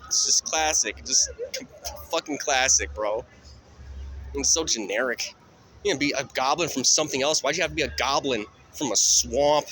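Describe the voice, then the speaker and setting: A man's voice: fairly high pitch, normal speed, sharp tone. A man vlogging as he walks a city street at night, rambling and swearing in a stream of thought. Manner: rambling, profane, stream of consciousness. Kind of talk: rambling night walk vlog. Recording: faint street noise and passing cars.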